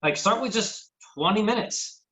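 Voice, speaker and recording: A man's voice: high-pitched, lively intonation, moderate pace, bright, forceful tone, rough recording. A man hosting a casual fitness podcast, talking in a loose, rambling way with lots of restarts. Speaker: podcast host. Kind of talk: casual chat.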